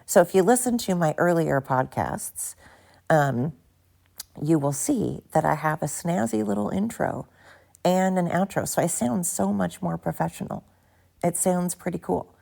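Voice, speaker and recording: A woman's voice: fairly low pitch, measured pace, gravelly, mellow. A tired woman hosting a casual solo podcast, rambling and swearing cheerfully at herself, recorded into her phone. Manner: rambling, profane, self-mocking. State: tired, barely awake. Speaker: podcast host. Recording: phone recording with background noise.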